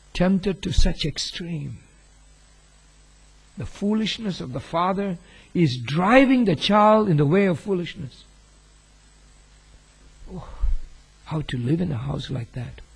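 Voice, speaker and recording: A man's voice: fairly high pitch, expressive, slow, gravelly, pauses often, slightly rough. A man preaching a sermon as a pastor, telling a story earnestly and rising sharply on key words. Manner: earnest, with sudden emphatic rises.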